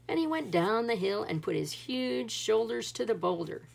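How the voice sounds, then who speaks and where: A woman reading a folktale picture book aloud in an expressive storybook style, with dramatic rises and drops. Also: fairly high pitch, moderate pace, vocal fry. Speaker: read-aloud narrator.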